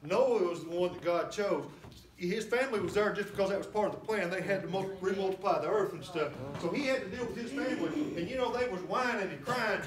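A man preaching a sermon as a guest pastor, fiery and rising to shouts and whoops. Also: high-pitched, a little fast. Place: church sanctuary. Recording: roomy church from far off.

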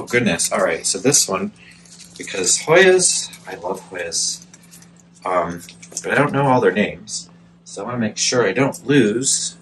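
At home, a man unboxes plants for his casual vlog, speaking to the camera in an excitable, gushing way. His voice is lowish and sits far from the mic, and the rough recording has slight background noise.

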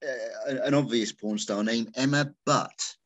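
A man interviewing an actor, joking and reading out names haltingly. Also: medium pitch, a bit bright, no room sound. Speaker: film interviewer. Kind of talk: casual interview questions.

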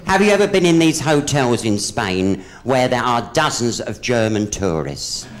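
A man's voice: mid-range voice, animated, measured pace, slight background noise. A man doing stand-up on a theatre stage, telling gossipy jokes and hopping into voices for each character. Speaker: stand-up comedian. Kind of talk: live stand-up joke telling. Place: theatre stage with a live audience.

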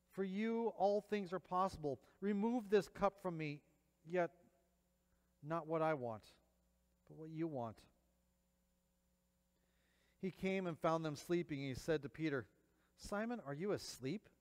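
A man reading scripture aloud and preaching, acting out the quoted lines dramatically. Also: on the high side. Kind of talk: Bible reading and sermon. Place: church. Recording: long church reverb.

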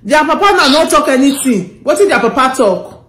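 A woman's voice: high voice, animated, moderate pace, a crowd in the background. A woman host with a Nigerian Pidgin accent, asking probing questions and consoling a caller. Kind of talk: call-in interview. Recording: echoey and noisy.

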